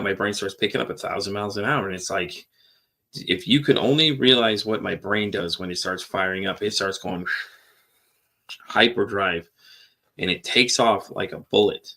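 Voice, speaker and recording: A man's voice: low-pitched, pushed and bright. A man hosting a podcast, talking candidly and at length in a rambling, repetitive way with casual swearing. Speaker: podcast host. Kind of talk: candid personal monologue.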